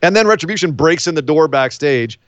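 A man's voice: fairly high pitch, brisk, no echo. Man with a dry, dull-sounding recording. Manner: animated, acts out scenes in silly voices. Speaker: podcast co-host. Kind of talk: casual wrestling recap chat.

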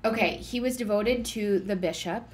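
A woman co-hosting a casual chat, an animated storyteller who exclaims often. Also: mid-range voice, moderate pace, slight background noise. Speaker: podcast co-host.

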